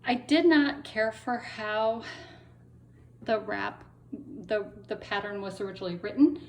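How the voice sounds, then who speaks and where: A woman's voice: medium pitch, unhurried, vocal fry, a little hiss or hum. A woman showing her crochet and craft finishes in a casual vlog, chatty with frequent ums, still getting over laryngitis and a lingering cough. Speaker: crochet vlogger. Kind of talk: casual show-and-tell vlog.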